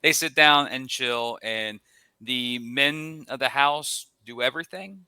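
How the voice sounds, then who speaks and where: Bright, crisp-voiced male podcast co-host. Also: medium pitch, slow, no room sound. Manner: rambling storyteller with frequent restarts. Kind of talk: casual podcast chat.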